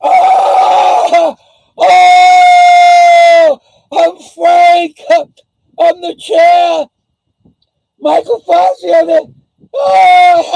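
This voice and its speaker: A man's voice: very high voice, gravelly, a little mellow, no echo, voice pushed up, full character voice, low-quality recording. A man putting on a mocking impression of a rival YouTuber, wailing and sobbing with exaggerated crocodile tears.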